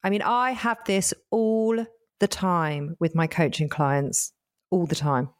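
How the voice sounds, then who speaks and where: A woman's voice: fairly low pitch, fairly even intonation, takes it slowly. A woman who works as a coach, co-hosting a podcast and steering the chat emphatically. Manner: emphatic, drives the discussion.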